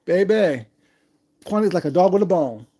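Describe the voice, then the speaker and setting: A man's voice: high-pitched, lively intonation, moderate pace, warm tone, breathy edge. Sassy man drawling on a livestream. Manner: sassy, drawling, calls listeners baby. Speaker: livestream commentator. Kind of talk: casual livestream commentary.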